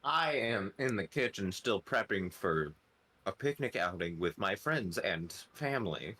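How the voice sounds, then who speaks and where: Brief: low-pitched man, slow and lively, wry tabletop player. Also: slightly rough. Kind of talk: casual chat at a game table.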